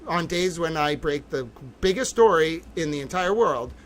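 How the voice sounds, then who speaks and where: A man hosting a livestream, talking in an excitable, theatrical way that swings from low muttering to loud outbursts. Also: moderate pace, slight background noise. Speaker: livestream host. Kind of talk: livestream commentary.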